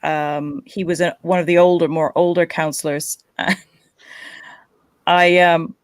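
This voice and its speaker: A woman from the United States tells a lively anecdote on a panel, her voice on the low side, dotted with fillers. The sound is dry and close to the mic. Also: a little slow, no echo. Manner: animated anecdote-telling with fillers. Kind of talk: casual storytelling chat.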